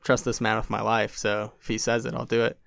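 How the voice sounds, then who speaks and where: A man's voice: fairly low pitch, brisk, creaky, no room sound, clean studio sound. A young man telling a long story on a podcast in casual chat, acting out what others said, with lots of "like" fillers. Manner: animated, acts out quotes, many "like" fillers. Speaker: podcast guest.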